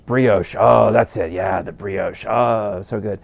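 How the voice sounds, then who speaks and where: A man's voice: lowish voice, steady tone, slow, gravelly, no room sound. A man hosting his podcast from a porch at home, telling amused, rambling stories with plenty of fillers. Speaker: podcast host. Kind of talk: casual storytelling.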